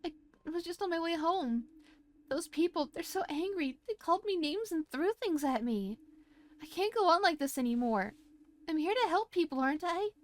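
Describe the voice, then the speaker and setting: A woman's voice: very high-pitched, lively intonation, normal speed, pitched above the performer's own voice. A woman voicing an upset young female nurse, pleading and shaken. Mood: distressed. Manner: distressed, pleading.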